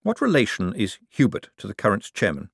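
Brief: man as a smooth, teasing young con man, lively, swooping pitch. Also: brisk, dry recording, studio quality, heavily acted. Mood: glib. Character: quick-witted, smooth-talking young male con man.

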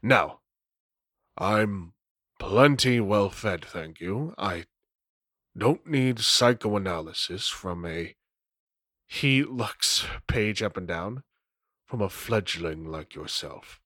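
A man voicing a proud, corpse-like male vampire dealer who talks low, curt and dismissive. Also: lively intonation, slow, pauses often, bright, forceful tone, no echo, studio quality, full character voice.

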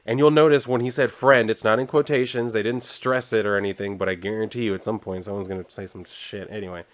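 A man casually recapping a comic issue, rambling and sarcastic, with frequent swearing and flatly read character lines. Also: fairly low pitch, fast talker. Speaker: comic book reviewer.

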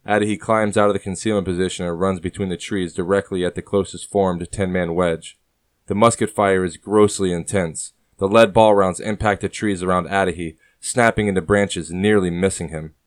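A man narrating a story in a steady, measured reading. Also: low voice. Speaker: audiobook narrator. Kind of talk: scripted narration.

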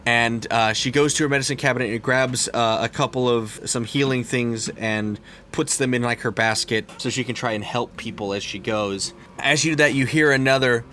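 A man's voice: medium pitch, fairly even intonation, moderate pace, sharp tone, slight background noise. Rambling man running a tabletop game. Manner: rambling, many fillers and restarts. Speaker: game master.

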